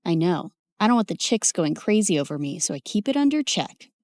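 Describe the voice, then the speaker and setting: A woman voicing a low, brooding teenage boy. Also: very animated, a little fast, a little mellow, dry recording, clean studio sound. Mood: cocky.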